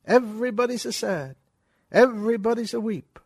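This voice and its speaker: A man voicing a brash, excitable comic schemer with a broad mock-Italian accent and broken English. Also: very high voice, moderate pace, no echo, studio quality, voice pushed up. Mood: boisterous. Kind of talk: comic reading with voices.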